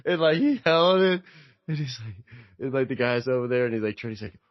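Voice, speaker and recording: Animated, lively man telling stories. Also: brisk, no echo, lo-fi sound. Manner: animated storyteller, acts out quotes with big pitch jumps. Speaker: podcast host, salesman. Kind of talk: casual storytelling chat.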